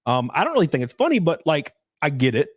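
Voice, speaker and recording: A fairly high-voiced man rambles through a solo livestream, his pitch leaping up and down as he talks. He swears freely and slips into the voices of people he quotes. The sound is close and dry, with no room around it. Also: huge pitch swings, quick pace, dry recording. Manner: rambling, profane, acts out quoted people, laughs often. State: out of breath. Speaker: streamer. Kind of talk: casual livestream chat.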